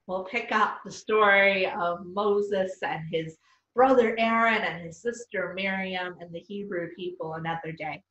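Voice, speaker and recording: A woman storyteller reading a children's story aloud, expressive and gentle, recorded in a church far from the mic with echo and dull sound. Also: mid-range voice, measured pace.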